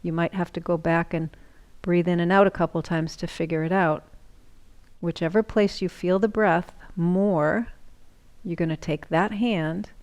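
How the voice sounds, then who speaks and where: A woman yoga instructor giving calm, slow breathing cues, sometimes dropping into a whisper. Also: on the low side.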